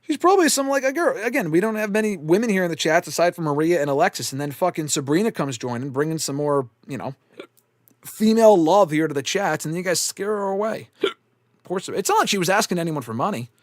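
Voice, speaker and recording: A man's voice: high-pitched, fast talker, dry recording, clean studio sound. A man hosting a live stream, reading chat messages and chatting casually, swearing freely and laughing often. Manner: swears often, laughs a lot, animated and rambling. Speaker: host answering live chat.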